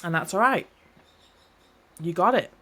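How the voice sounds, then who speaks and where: A woman's voice: lowish voice, lively intonation, unhurried, pushed and bright. A woman hosting a solo podcast, talking in a reflective, encouraging, rambling way and often correcting herself mid-sentence. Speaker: podcast host.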